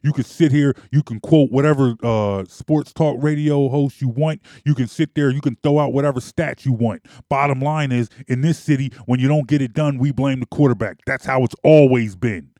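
A man's voice: mid-range voice, moderate pace, hardly any pauses, dark tone, no room sound, clean studio sound. Emphatic man ranting about sports. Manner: emphatic, repetitive, argumentative. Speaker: sports commentator. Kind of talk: opinionated sports monologue.

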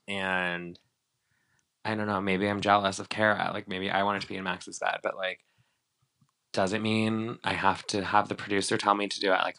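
Podcast co-host, man, low-pitched but bright, loose filler-heavy recap chatter. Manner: animated, filler-heavy, acts out quotes. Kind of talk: casual reality-TV recap chat.

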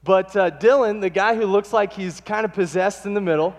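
Male pastor, lively storyteller, high-pitched, miked in a long-reverb sanctuary. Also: fairly quick, a little hiss or hum. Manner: animated storytelling, acting out quotes. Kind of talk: sermon. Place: church sanctuary.

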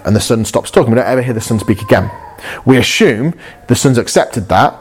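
A man's voice: mid-range voice, animated, brisk, a little hiss or hum. A man preaching a sermon in an earnest way, repeating phrases for emphasis and asking his listeners rhetorical questions. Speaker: pastor.

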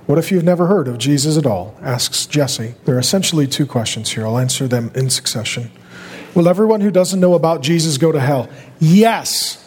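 A man preaching a fervent sermon as a pastor, building from steady talk to loud, pleading shouts. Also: a little high, breathy edge, in a large hall.

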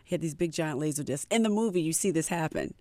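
A woman's voice: deep voice, quick pace, no room sound. Playful middle-aged woman in dry studio. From Maryland, USA. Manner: warm, laughing, playful banter. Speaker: guest singer. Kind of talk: casual celebrity interview.

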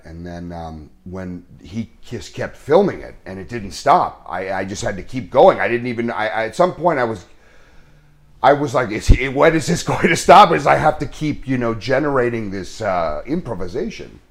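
A man, an actor being interviewed, telling a story in a casual, earnest way, halting often with restarts and fillers. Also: lowish voice, lively intonation.

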